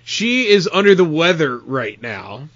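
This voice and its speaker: Male podcast host, bright lively voice, excitable storyteller, slightly dull mic. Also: fairly high pitch, measured pace, no room sound. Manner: animated storyteller, stammers when excited. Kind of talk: casual banter.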